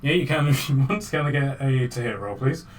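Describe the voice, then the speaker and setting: A man's voice: medium pitch, animated, a little fast, slight background noise. A man narrating a tabletop game as game master, casual and hesitant with many fillers.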